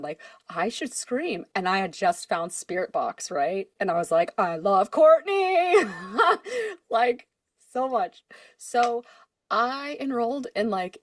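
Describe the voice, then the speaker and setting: A young woman, a singer, co-hosting a podcast in casual chat, telling stories with lively acted-out quotes and frequent laughter. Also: mid-range voice, no room sound, clean studio sound. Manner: animated storyteller, acts out quotes, laughs often.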